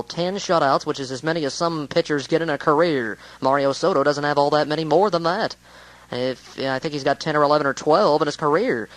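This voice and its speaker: A man's voice: on the high side, low-quality recording. A man giving a casual, rambling spoken recap of a baseball game, with many hesitations.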